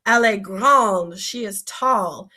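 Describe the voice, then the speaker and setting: A woman's voice: medium pitch, takes it slowly, pushed and bright. A woman, a French teacher, giving a recorded vocabulary lesson and explaining each word patiently while asking her students questions.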